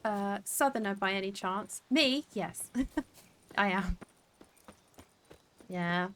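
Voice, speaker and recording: A woman's voice: medium pitch, slow pace, fairly bright tone. Chatty southern English woman streamer. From southern England. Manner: chatty, sweary, laughing, talks to chat. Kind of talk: casual gaming livestream chat.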